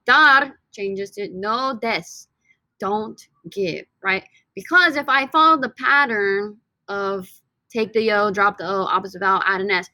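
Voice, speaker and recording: A woman's voice: mid-range voice, sharp tone, no room sound. A woman teaching a recorded Spanish lesson in English, upbeat and chatty, repeating key phrases and addressing students as guys.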